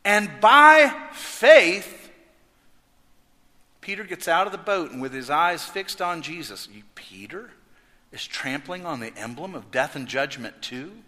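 A man preaching a sermon as pastor, swinging from loud emphasis to hushed intensity. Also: a little high, big pitch swings, unhurried. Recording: echoey hall reverb.

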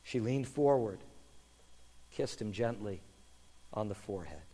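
A man pastor telling a children's sermon story in an animated way, then praying quietly. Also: on the low side, a little slow, long pauses, husky. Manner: animated storyteller, hushed in prayer. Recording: long hall reverb.

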